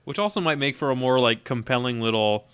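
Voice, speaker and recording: A man's voice: mid-range voice, lively intonation, a little fast, a bit bright, smooth. A man co-hosting a podcast, chatting casually and tossing in dry quips. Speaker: podcast co-host. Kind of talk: casual comedic chat.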